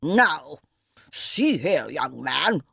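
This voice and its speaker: A woman's voice: low voice, sing-song, drawn-out words, creaky, fairly bright tone, slightly rough, no echo, heavily acted. An audiobook grandfather, old and commanding, read by a woman. He speaks in a firm, formal way with plenty of lift in the voice, recorded dry and close. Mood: indignant. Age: older. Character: stern elderly grandfather, commanding.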